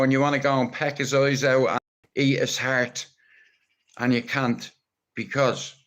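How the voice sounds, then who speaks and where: An Irish man talking on a live stream in a rambling, blunt and teasing way, with plenty of swearing. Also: mid-range voice. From Ireland. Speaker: livestreamer.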